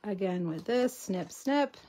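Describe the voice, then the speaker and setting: A woman's voice: medium pitch, lively intonation, takes it slowly, mellow. A woman hosting a casual craft tutorial livestream, chatting with viewers as she works, with a slight cough. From Texas. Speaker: host.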